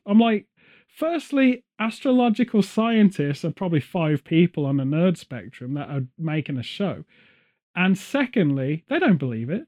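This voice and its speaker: A man's voice: high voice, moderate pace. Sarcastic ranting man chatting. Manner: ranting, sarcastic, animated storyteller. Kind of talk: casual chat.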